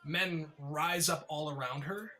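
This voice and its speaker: A man narrating a tabletop game as game master, in vivid, descriptive narration with filler pauses. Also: a little high, pushed and bright.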